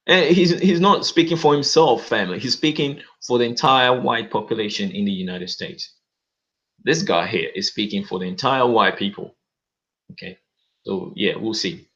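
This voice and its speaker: A man's voice: on the low side, a bit bright, dull audio. A man commenting on news in a casual video, emphatic, repeating words and often saying "okay".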